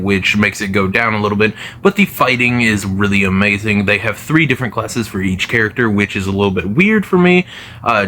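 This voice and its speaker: Bright-voiced man rambling about games. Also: lowish voice, slight background noise. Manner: rambling, many fillers and restarts. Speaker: gaming video creator. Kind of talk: casual gaming commentary.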